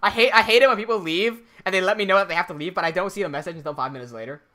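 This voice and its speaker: A man's voice: sits high, very fast, pushed and bright. A man from Hong Kong with an American-sounding accent, chatting casually on a Minecraft livestream and reading viewer messages aloud. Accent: American-sounding English. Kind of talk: casual livestream chat while building.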